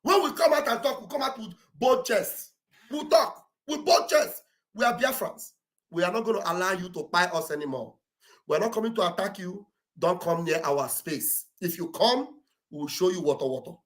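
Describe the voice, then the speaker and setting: A Nigerian man with a booming voice rallies listeners on a livestream, his English laced with Pidgin. He talks in a high register and pushes his appeals to a shout, like a preacher at a pulpit. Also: expressive, normal speed. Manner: loud, preachy, shouting exhortations. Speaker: livestream commentator. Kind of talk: impassioned livestream address. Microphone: streaming setup mic.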